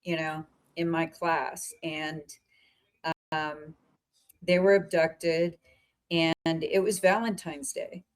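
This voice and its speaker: A woman podcast host from central Pennsylvania, telling a story in a chatty, meandering, animated way over a remote call. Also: deep voice, slow pace, rough recording. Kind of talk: casual storytelling chat.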